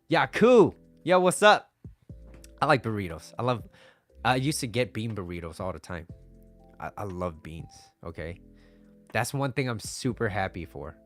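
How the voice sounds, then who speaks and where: A man's voice: mid-range voice, fairly bright tone. Rambling, profane man giving casual advice. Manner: rambling, profane, laughs often, refers to himself in third person. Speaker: dating and relationship advice host. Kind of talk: casual talking-head advice monologue.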